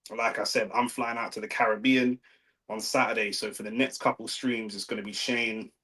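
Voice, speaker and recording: Young london bloke on a livestream, laid back, loads of slang, reads out chat. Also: male voice, mid-range voice, fairly bright tone, low-quality recording. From London, England. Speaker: livestream host. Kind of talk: casual live watch-along chat.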